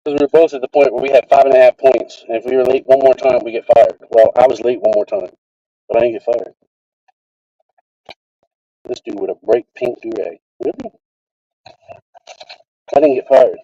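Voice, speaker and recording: A man vlogging from his car, telling a casual, profane story in an animated way. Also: medium pitch, brisk, long pauses, dry recording. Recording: dry, slightly dull sound.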